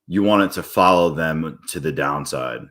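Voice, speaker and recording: A man's voice: a bass voice, moderate pace, a bit bright. A man streaming his day trading live, talking viewers through chart moves in a casual, blunt way and swearing freely when a trade goes wrong.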